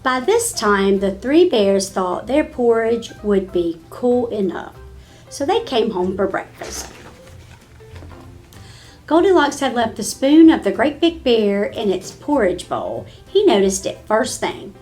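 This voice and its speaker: A woman reading a children's storybook aloud in an expressive, sing-song way. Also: medium pitch, a little slow, soft background music. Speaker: storybook reader.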